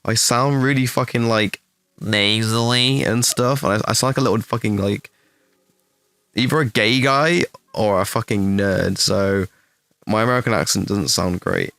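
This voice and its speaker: A young English man answering chat questions on a stream in casual, rambling talk, swearing freely and putting himself down, with a fairly deep voice. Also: normal speed, gravelly, fairly bright tone, no room sound. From England. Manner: rambling, swears a lot, self-deprecating.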